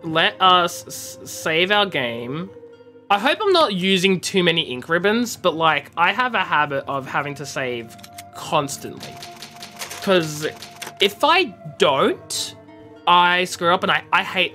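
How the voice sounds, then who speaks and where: A man's voice: on the high side, very animated, unhurried, sharp tone, faint music behind. An Australian man chatting casually and joking while he streams a game. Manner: chatty, joking, mock-grumbling. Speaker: livestreamer. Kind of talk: casual gameplay commentary.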